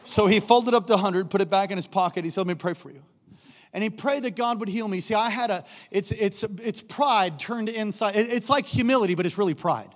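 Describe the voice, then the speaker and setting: A man preaching a sermon, telling stories with acted-out voices and swinging between quiet asides and loud, shouted peaks. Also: high-pitched, brisk, in a large hall. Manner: animated storytelling, acts out characters, shifts between quiet asides and shouting.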